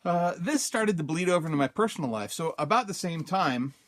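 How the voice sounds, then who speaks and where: A man's voice: on the high side, expressive, fairly quick, a bit bright. A man hosting a self-help podcast, telling a personal story casually, with many fillers, and acting out his own thoughts in quotes. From Utah, USA. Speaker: podcast host.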